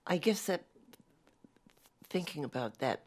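A woman's voice: deep voice, lively intonation, a little slow, darkish tone. A woman hosting an interview, chatting casually and prompting her guest with friendly, encouraging questions. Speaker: interview host.

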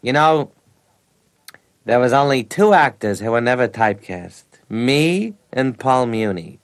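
A man imitating a gruff, boastful old actor. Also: mid-range voice, animated, measured pace. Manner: blunt, self-important lecturing.

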